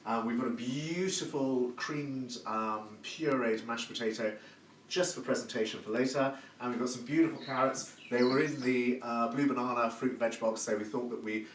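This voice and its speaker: A man's voice: medium pitch, steady tone, moderate pace. Gushing man hosting a live cooking show, echoey and distant. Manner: chatty and effusive, gushing praise words. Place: home kitchen. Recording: echoey room, distant mic, background noise.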